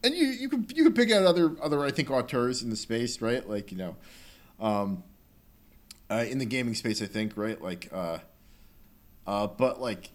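A young man co-hosting a casual podcast, talking about a video game in an animated, rambling way with lots of filler and quick quoted bits. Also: medium pitch. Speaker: podcast co-host.

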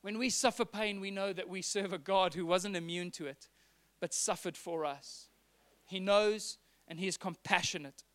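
A man's voice: sits high, normal speed, a bit bright. A man preaching a sermon, earnest, acting out the dialogue he quotes. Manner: earnest, acts out quoted dialogue, some repeated words.

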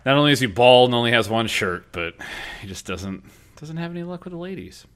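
Animated man chatting casually. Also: medium pitch. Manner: animated, slangy, quick to act out characters' lines. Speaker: podcast co-host. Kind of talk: casual chat.

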